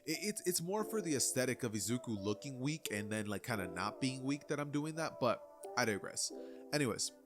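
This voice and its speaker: A man telling an anime what-if story in a loose, rambling way, peppered with conversational asides. His voice sits at an ordinary middle pitch. Clear background music runs under the narration. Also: expressive, a little fast. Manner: rambling, filler-heavy, conversational.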